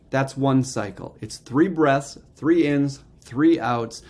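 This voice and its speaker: Man with a gravelly voice, mid pitch, meditation teacher, explains step by step, casual lesson. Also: slow pace, few pauses, a little mellow. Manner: explains step by step, often checks in with "okay?". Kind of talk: casual instructional talk.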